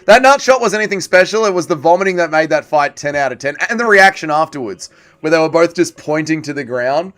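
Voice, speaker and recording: A man's voice: on the high side, expressive, fast talker, a bit bright. A man hosting a livestream watch party, chatting casually and joking as he reads viewer comments aloud and answers them. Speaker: livestream host.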